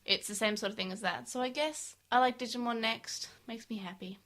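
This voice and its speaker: A woman's voice: a little high, a little fast, a bit bright. A young woman co-hosting a podcast in casual chat, chatty and upbeat, with lots of fillers. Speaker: podcast co-host.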